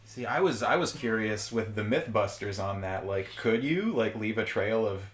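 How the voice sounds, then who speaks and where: A man's voice: lowish voice, lively intonation, moderate pace, reverberant. A man co-hosting a podcast, reviewing a movie in casual chat with a wry, sarcastic manner and frequent laughs. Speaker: podcast co-host.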